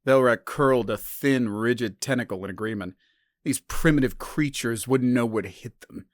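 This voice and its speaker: A male narrator reads a science fiction story in a steady, dramatic way. His voice sits mid-pitched, and the recording is close and dry with no room sound. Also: normal speed, no room sound.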